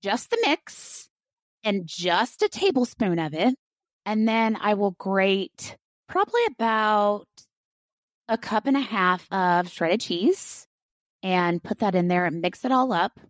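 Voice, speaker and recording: A woman's voice: mid-range voice, unhurried, dry recording. A woman co-hosting a podcast, explaining a recipe in an easygoing, offhand way. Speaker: podcast co-host. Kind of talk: casual chat.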